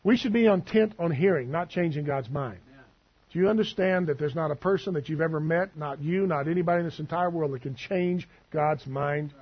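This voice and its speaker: A man's voice: a little high, a little fast, husky, highs cut off. A male preacher giving a sermon in a conversational, teasing way, asking the room questions.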